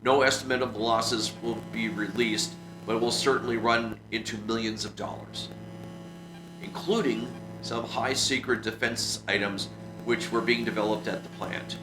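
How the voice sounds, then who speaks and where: A man reading the lines of a male radio news announcer in a measured bulletin delivery. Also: lowish voice, fairly even intonation, natural voice. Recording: roomy echo with music behind.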